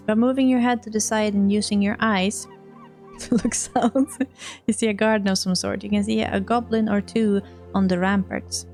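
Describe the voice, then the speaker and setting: A woman's voice: medium pitch, fairly even intonation, moderate pace, darkish tone, faint music behind. A Swedish woman streaming a story game, reading it aloud, laughing often and tripping over words. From Sweden. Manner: giggly, trips over words and restarts. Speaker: gaming streamer.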